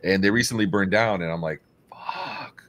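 Deep-voiced man hosting casual talk. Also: fast talker, fairly bright tone. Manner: loose, swearing, storytelling. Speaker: host. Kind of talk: casual chat.

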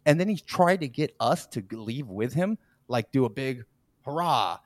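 A man's voice: mid-range voice, normal speed, no room sound. A man hosting a podcast, telling a story in casual chat, often laughing and acting out the people in it. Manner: animated, laughs often, acts out quoted people. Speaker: podcast host.

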